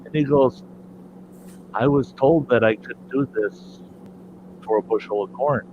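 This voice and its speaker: A man hosting a relaxed chat and spinning a joke, slipping into the voices of his characters as he goes. His voice sits at an ordinary middle pitch. The recording is a little dull and muffled, with a faint hiss underneath. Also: a little slow. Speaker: host. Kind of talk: telling jokes in casual chat. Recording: slightly dull, muffled sound.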